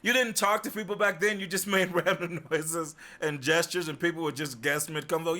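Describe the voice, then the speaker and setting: Young guy streamer, bright higher voice, jokey, swears a lot, chatting with chat. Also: moderate pace, few pauses. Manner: joking, animated, swears freely. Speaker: livestreamer. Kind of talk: casual chat with viewers.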